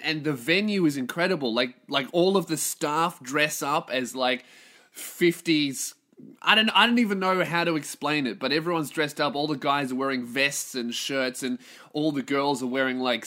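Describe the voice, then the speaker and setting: A brash Australian man with a fairly high, bright, forceful voice, riffing through a casual comedic monologue. He swears freely and rambles from one story to the next. He keeps cracking himself up along the way. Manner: profane, rambling, laughs at his own jokes. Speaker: stand-up comedian and podcast host.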